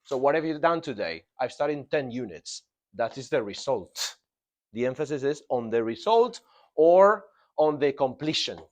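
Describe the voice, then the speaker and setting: Teaching grammar to a class, an English teacher with a middling pitch lets his voice climb and drop with lively emphasis. He drills key words repeatedly and checks on the students with a quick "yeah?"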